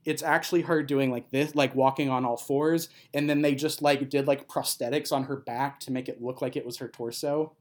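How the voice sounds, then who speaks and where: A man's voice: mid-range voice, steady tone, normal speed, hardly any pauses. Man, casual podcast chat, rambling film recap, lots of fillers. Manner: rambling, many fillers, laughs while talking.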